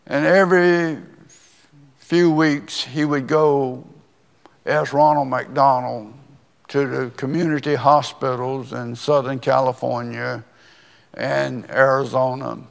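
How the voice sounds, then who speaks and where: Older guy preaching, real gravelly voice, takes his time, church reverb all around. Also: mid-range voice. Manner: slow, deliberate storytelling with pauses. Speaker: pastor. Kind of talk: sermon. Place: church sanctuary. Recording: long reverb of a church hall.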